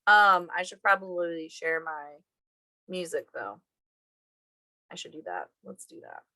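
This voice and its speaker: A woman college instructor chats casually with her co-teacher at the end of a class session. Her voice is bright and forceful. She tells stories with animated, playful exasperation, and the recording is close and dry. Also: fairly low pitch, unhurried, no echo, poor audio.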